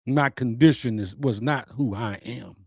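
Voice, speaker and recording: A man's voice: mid-range voice, measured pace, darkish tone, slightly rough, no echo. A man hosting his own show, delivering a personal, uplifting message in an earnest, preacher-like way with repeated phrases.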